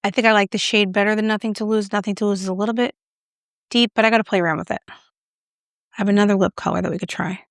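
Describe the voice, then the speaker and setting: A woman's voice: mid-range voice, fairly even intonation, fast talker, gravelly, no room sound, clean studio sound. A woman chatting casually to camera while doing her makeup, talking through a product review with a self-mocking, playful manner. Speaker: beauty vlogger.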